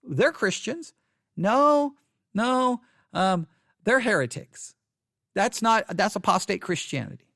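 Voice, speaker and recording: A high-pitched man delivering a Bible teaching with fervent emphasis. He hammers points home by repeating them, rising loud on key phrases, then dropping to quiet asides. The sound is dry and close, with no room echo. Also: sing-song, slow, vocal fry, long pauses.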